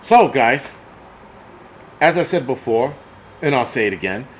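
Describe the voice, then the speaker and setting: A man's voice: medium pitch, animated, a little slow, slight background noise. A man hosting his own channel, ranting angrily and swearing through a casual monologue. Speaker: channel host. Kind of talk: profane rant vlog.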